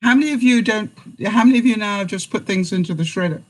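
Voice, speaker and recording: A woman's voice: medium pitch, fast talker, low-quality recording. Chatty older woman vlogger, laughing often. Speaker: vlogger host. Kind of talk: casual live-stream chat.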